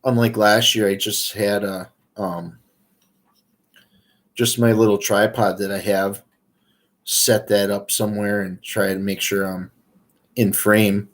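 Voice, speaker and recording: Guy rambling on his livestream, kinda low voice, real slow and laid back. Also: level tone. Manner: rambling, easygoing, many fillers. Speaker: outdoors livestream host. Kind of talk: casual livestream chat.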